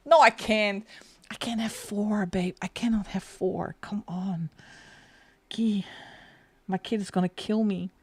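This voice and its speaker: This is a medium-pitched woman hosting a live stream, chatting casually and giggling frequently as she colours. Her first language is Dutch, and she speaks English with a Flemish accent.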